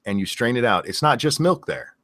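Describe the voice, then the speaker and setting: A man's voice: medium pitch, animated, fairly quick, gravelly, a bit bright, dry recording, studio quality. An American man hosting a casual stream, joking and reading viewer questions aloud. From United States.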